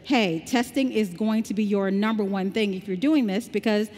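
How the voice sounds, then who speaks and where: A woman's voice: mid-range voice, moderate pace, darkish tone. A woman from the American South with a slight Southern drawl, giving an upbeat, conversational tech conference talk. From Southern United States. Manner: upbeat, conversational, explaining step by step. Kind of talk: conference talk with live demo. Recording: long hall reverb.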